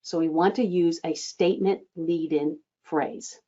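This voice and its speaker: A woman coaching front-desk staff on phone scheduling, acting out sample lines with lively changes of tone. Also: low-pitched, a little slow, highs cut off. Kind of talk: instructional talk.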